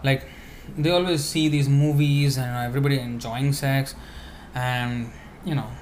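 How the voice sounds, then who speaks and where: A man giving a conversational spiritual talk, answering questions with many fillers and restarts, now and then laughing softly. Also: mid-range voice, steady tone, unhurried, slight background noise.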